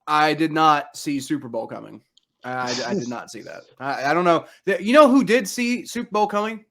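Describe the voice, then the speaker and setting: A young man hosting a casual sports podcast, talking excitedly and rambling with many restarts. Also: a little high, moderate pace. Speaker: podcast host.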